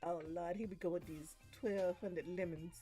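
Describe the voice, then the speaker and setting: Woman, gaming stream chat, low-pitched, talkative, joking, animated, faint music behind. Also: moderate pace. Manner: talkative, joking, breaks into big laughs; animated storytelling. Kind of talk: casual chat while gaming.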